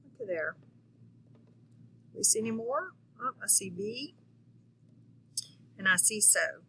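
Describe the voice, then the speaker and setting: A woman's voice: mid-range voice, animated, slow pace, pushed and bright, a little hiss or hum, rough recording. A woman teacher giving a patient phonics lesson to young children, checking in often with them.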